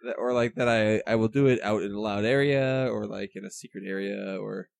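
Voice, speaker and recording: A man's voice: lowish voice, fairly even intonation, a little fast, creaky. Rambling joking man on a podcast. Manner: rambling, jokey, full of "like". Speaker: podcast co-host. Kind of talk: casual comedic chat.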